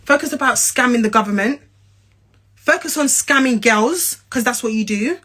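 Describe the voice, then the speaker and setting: A woman's voice: on the high side, moderate pace, a bit bright. Blunt, profane young woman from Essex. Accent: London and Essex English. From England. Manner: blunt, profane and confrontational, repeating lines for emphasis. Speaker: social media personality. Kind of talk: angry direct-to-camera rant.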